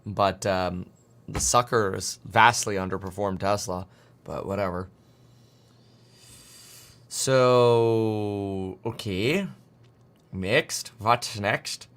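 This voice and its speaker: Man in his 30s, casual livestream host; quick, rambling, jokey delivery while working charts. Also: lowish voice, steady tone, fairly bright tone, clean tone. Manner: fast, rambling, jokey, talks to himself while clicking charts. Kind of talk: casual market commentary livestream.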